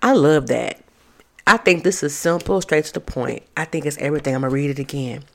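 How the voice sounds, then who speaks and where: A woman with a low voice hosts a casual vlog. She reads out advice and reacts with blunt, profane candor. She trails off into plenty of fillers as she goes. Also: fairly quick, a bit bright. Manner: candid and profane, with frequent fillers. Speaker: vlog host. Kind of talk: casual chat, reading out viewer advice.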